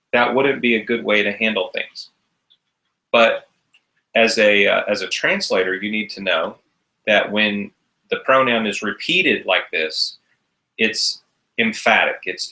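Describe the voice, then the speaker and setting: A man's voice: on the low side, pushed and bright, poor audio. A man teaching a recorded class, explaining each step patiently. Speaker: Hebrew teacher.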